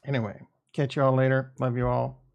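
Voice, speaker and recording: A man's voice: mid-range voice, little pitch movement, a little fast, gravelly, muffled recording. Blunt, profane man hosting a crypto livestream. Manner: blunt, profane, jokey, swings loud and soft. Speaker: crypto stream host. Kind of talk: casual livestream chat reading viewer comments.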